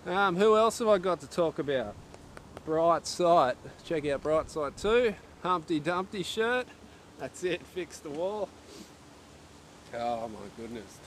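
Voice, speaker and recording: A young Australian man hosting a casual livestream, rambling along and talking half to himself, half to his viewers. His voice sits a touch high for a man, with a faint hiss of noise underneath. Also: a bit bright. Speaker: archery livestreamer.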